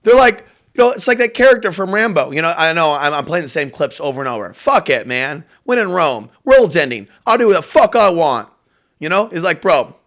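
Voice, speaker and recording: A man's voice: on the high side, very animated, a little fast, a bit bright. A man hosting a morning show in a rambling, profane, brash casual monologue. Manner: brash, profane, jumps between topics. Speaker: host.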